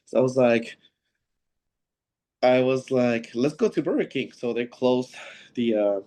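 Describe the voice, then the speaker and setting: A man with an unhurried, dark, mid-range voice shares rambling anecdotes as a guest in a casual interview. He's a pro wrestler from Seattle, USA, who acts out quoted dialogue and leans heavily on fillers.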